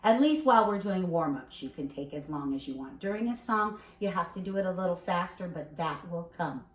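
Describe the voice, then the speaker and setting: A woman teaching a beginner singing lesson, explaining and demonstrating warm-ups, checking in with a frequent "okay?". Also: lowish voice, expressive, fairly quick. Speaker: vocal coach. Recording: echoey room.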